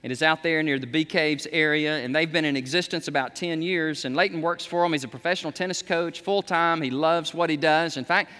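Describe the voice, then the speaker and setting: Emphatic pastor in a reverberant hall. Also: male voice, on the high side, fairly even intonation, brisk, few pauses, clear, resonant tone. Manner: emphatic, rising to near shouts on key words. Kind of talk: sermon. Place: church sanctuary. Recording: long reverb of a large hall.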